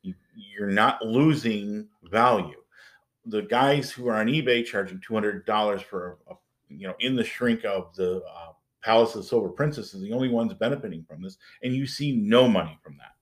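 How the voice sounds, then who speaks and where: A man's voice: on the low side, fairly quick. A man co-hosting a podcast in casual chat, wry and rambling, trailing off at times. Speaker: podcast co-host.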